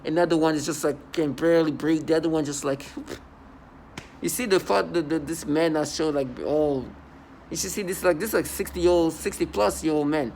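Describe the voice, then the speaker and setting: A man's voice: fairly high pitch, fairly even intonation, moderate pace, a little mellow, a little hiss or hum. A man in an angry personal monologue to camera at home, defiant and scornful, often repeating and restarting his words. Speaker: vlogger. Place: at home indoors.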